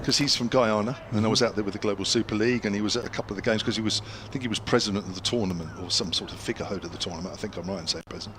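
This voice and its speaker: A man's voice: lowish voice, very fast, few pauses, a bit bright, a little hiss or hum. An older English man commentating on cricket ball by ball, a former county player telling anecdotes between deliveries with a chatty storyteller's manner.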